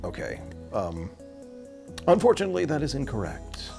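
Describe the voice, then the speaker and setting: Young male game show host, wildly swooping pitch, gravelly edges. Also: huge pitch swings, moderate pace, a little mellow, soft background music. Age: young adult. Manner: showy, swooping announcer delivery. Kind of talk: comedy game show hosting.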